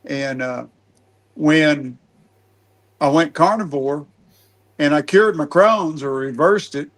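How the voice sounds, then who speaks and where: A middle-aged man hosting a casual podcast chat, speaking in a rambling, folksy way and often restarting his sentences. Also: on the high side. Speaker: podcast host.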